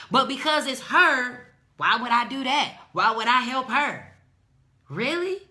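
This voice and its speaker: A woman's voice: a little high, pushed and bright. A woman hosting a podcast, delivering an impassioned, preachy monologue with indignant emphasis. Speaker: podcast host.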